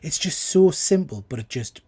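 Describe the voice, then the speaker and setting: A man hosting a casual live charity stream, chatty and enthusiastic, with frequent quiet asides. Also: fairly high pitch, lively intonation, moderate pace, breathy edge. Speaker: livestream host.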